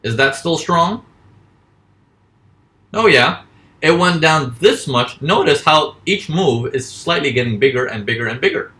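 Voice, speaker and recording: A man's voice: a little high, lively intonation, pushed and bright. A man teaching forex trading in a casual lesson, asking questions and answering them himself. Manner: acts out panicking traders in quick voices. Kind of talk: casual live teaching over charts.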